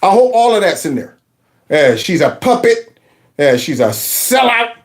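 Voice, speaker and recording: A man's voice: high voice, very animated, measured pace. A man hosting a reaction commentary channel, mocking and sarcastic with laughing asides.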